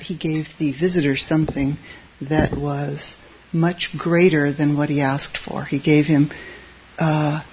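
A Zen teacher giving a relaxed, conversational dharma talk, chuckling at their own asides. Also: medium pitch, highs cut off, a little hiss or hum.

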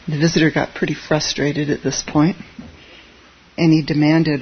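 A Zen teacher giving a relaxed, conversational dharma talk, chuckling at their own asides. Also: mid-range voice, moderate pace, lo-fi sound, slight background noise.

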